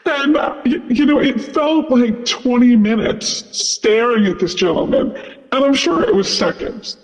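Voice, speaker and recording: His very high-pitched voice has lively intonation and a measured pace as this male flight attendant tells a story casually. He's chatty, constantly saying "like" and "you know," and the recording is dull and heavily reverberant.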